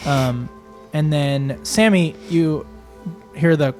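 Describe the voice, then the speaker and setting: Man, game master, slightly high voice, halting narration, faint background music. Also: a little mellow. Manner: acts out NPC voices, halting with restarts.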